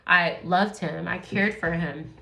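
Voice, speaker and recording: A woman's voice: fairly low pitch, steady tone, slow pace, creaky, sharp tone, reverberant, low-quality recording. A woman telling a personal story in a candid, rambling way, full of fillers and swearing. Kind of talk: casual storytelling.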